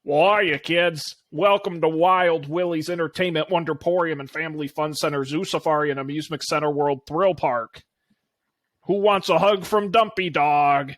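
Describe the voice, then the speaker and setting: Dumpy Dog, a worn-out grown man sweating inside a cheap dog costume at a kids' park, drawls every line slowly like he is half stoned, as a man puts him on in an improvised podcast story. The voice sits a touch high. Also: dry recording, clean studio sound, natural voice. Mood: laid-back. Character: burned-out adult male park mascot in dog suit.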